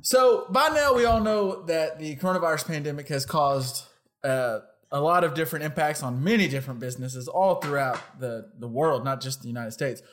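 Laughing often, this podcast co-host rambles through a casual chat. His voice has a fairly high pitch and a fairly bright tone, at normal speed.

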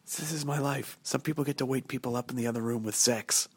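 A man's voice: medium pitch, fast talker, husky, dry recording. A man hosting a podcast, whispering his intro in a hotel room so he does not wake the neighbours, with wry asides along the way. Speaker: podcast host.

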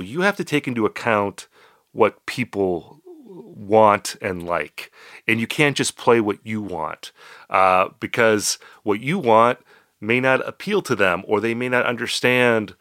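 A man's voice: lowish voice, animated, unhurried, fairly bright tone, no echo, studio quality. A man co-hosting a casual podcast, joking wryly at his own expense. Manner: wry, self-deprecating humor. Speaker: podcast co-host.

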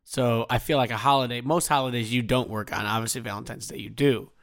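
A man of middling pitch talking casually, stumbling over starts before working his point out in earnest. His delivery is plain and conversational. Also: steady tone, quick pace, creaky, a bit bright. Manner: hesitant, restarts, earnestly explains. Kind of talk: casual chat.

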